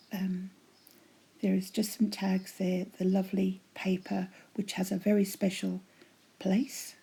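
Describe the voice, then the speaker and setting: Hoarse husky lady chatting about her crafts at home, half whispering, dark mellow tone. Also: medium pitch. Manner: chatty and gushing, drops to a breathy half-whisper. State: voice going hoarse. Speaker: craft vlogger showing giveaway prizes. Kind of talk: casual show-and-tell.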